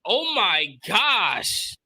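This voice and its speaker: A young man streaming casual live play-by-play of a football game, excitable and slangy, laughing often with his chat. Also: high voice, extremely slow.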